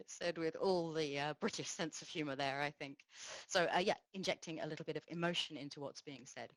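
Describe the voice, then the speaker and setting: Low-voiced woman giving a tech talk. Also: fairly bright tone, no echo, rough recording. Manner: explanatory, measured, frequent fillers. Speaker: conference speaker. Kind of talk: technical conference talk.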